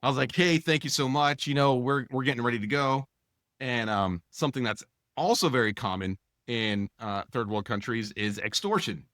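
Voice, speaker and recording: A man co-hosting a podcast, telling a long anecdote in a casual, animated way and acting out the dialogue, with many fillers. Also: medium pitch, moderate pace, dry recording, studio quality. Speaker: podcast co-host. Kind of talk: casual storytelling.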